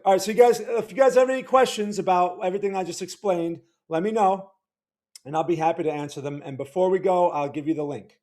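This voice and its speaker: A man with a high-pitched voice hosts a casual livestream, talking straight to his viewers. His voice sounds weak and worn, and he rambles, stumbling and repeating words as he goes. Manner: rambling, stammering, repeats words, greets chat viewers loudly. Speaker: livestream host.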